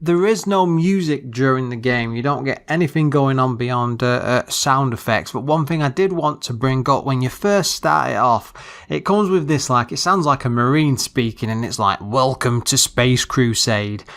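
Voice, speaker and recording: A man's voice: mid-range voice, a bit bright. A man co-hosting a podcast, casually reviewing an old computer game and often stopping to search for words. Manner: halting, searching for words with many restarts. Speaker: podcast co-host.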